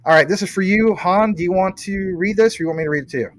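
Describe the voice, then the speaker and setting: A man's voice: high voice, fast, a little hiss or hum, rough recording. A man hosting a casual livestream, reading viewer comments and teasing his guest playfully. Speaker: livestream host.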